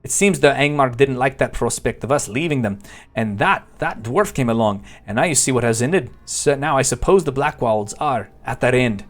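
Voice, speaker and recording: A man's voice: mid-range voice, moderate pace, lightly acted. A man voicing a weary, defeated male brigand in a put-on Scottish accent, grumbling and resigned, for a video game.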